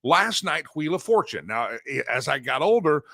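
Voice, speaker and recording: Bright-voiced mocking male talk host. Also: a little high, sing-song, normal speed, no room sound. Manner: mocking, rambling, chuckling asides. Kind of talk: political commentary show.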